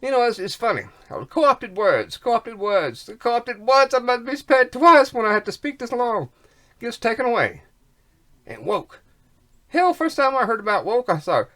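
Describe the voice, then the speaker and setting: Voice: mid-range voice, big pitch swings, normal speed, bright, forceful tone. A vlogger in a rambling monologue who repeats words, breaks into rhyming wordplay and folksy slang, and sounds snotty with a cough.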